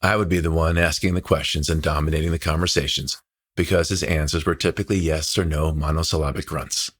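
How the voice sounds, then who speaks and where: A man reads his own memoir aloud in a very low voice, heartfelt and reflective. His tone has a husky, slightly breathy grain. The telling is steady audiobook narration. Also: fairly quick.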